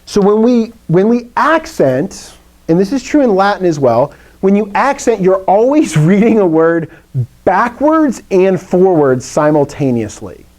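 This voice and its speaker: A man's voice: sits high, big pitch swings, measured pace, a little mellow, low-quality recording. A man from the American South teaching a Greek class, chatty and playful, with lots of asides. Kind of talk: classroom lecture.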